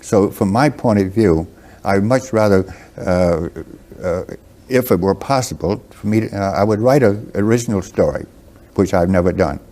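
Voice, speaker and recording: Older Southern man, deep slow drawl. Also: mellow. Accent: Southern American. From American South. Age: 70s. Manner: slow, halting, with many fillers and restarts. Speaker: guest writer. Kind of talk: interview.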